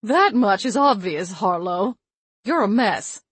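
A woman's voice: mid-range voice, expressive, slow, slightly rough, dry recording, exaggerated voice. A woman voicing an old grandmother spirit trapped in a locket, fussy and chatty. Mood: tart. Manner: chiding, chatty and scatterbrained.

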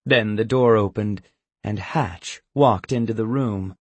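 A man narrating an audiobook in a measured, expressive way. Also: on the low side, breathy edge, no room sound.

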